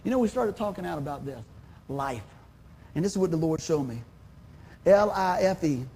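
A man's voice: on the high side, expressive, moderate pace, a little mellow, breathy edge. A man, preaching a sermon in a folksy, conversational way. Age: 50s. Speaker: pastor.

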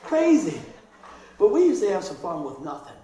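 A middle-aged man, a pastor, preaching a sermon and telling a childhood story, animated and laughing, with voices for the people in it. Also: high-pitched, moderate pace, background noise. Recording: very echoey hall.

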